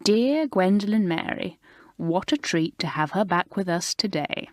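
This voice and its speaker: A woman voicing Alicia, a sarcastic teenage schoolgirl in an audiobook, speaking in a smooth drawl. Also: on the low side, animated, measured pace, a little mellow, dry recording, clean studio sound.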